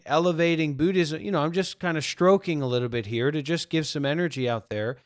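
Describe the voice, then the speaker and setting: Blunt, profane man with a higher voice. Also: clear, resonant tone, no echo, studio quality. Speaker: spiritual teacher. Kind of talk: livestream talk to viewers.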